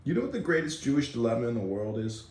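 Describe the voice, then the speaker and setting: A man on a podcast chatting casually and tossing out deadpan joking one-liners. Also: medium pitch, fast. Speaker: podcast co-host. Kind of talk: casual chat. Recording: echoey room with faint noise.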